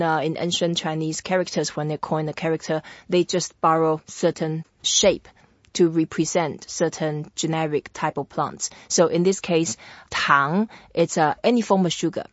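A woman teaching a language in a patient, explanatory way, repeating words slowly for the listener to practise. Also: low-pitched, no room sound, lo-fi sound. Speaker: Mandarin teacher. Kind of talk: language lesson chat.

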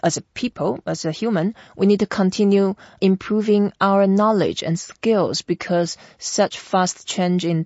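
Woman teacher-host, patient, step-by-step explainer, somewhat low voice, dry and muffled lo-fi sound. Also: a little mellow, no room sound. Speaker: Chinese language teacher and host. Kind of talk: teaching pronunciation in an interview.

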